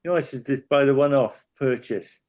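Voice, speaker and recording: A man's voice: medium pitch, brisk, a little mellow. An older man chatting bluntly and dismissively with friends. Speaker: regular of the group chat. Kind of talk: casual chat among friends.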